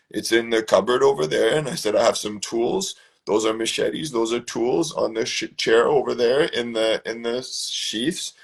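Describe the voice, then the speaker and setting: A man's voice: medium pitch, creaky, husky. A man hosting a casual talk show from his own room, telling a rambling story with plenty of swearing. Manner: rambling, profane, animated storytelling. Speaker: show host.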